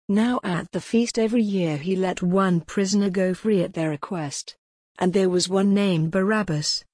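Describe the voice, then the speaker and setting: A woman giving a measured, deliberate reading of scripture aloud. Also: on the low side, darkish tone, no echo, clean studio sound.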